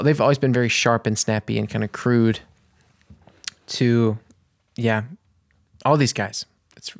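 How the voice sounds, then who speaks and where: Man, mid-pitch, vlog storyteller, chatty and rambling, dry close recording. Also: dry recording. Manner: rambling, restarts and searches for words. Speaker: vlogger. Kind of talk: casual storytelling to camera.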